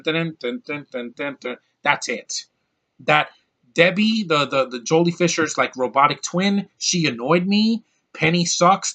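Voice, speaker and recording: A man's voice: on the high side, pushed and bright, poor audio. A young man delivering an angry, exasperated movie rant, swearing often. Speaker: movie reviewer.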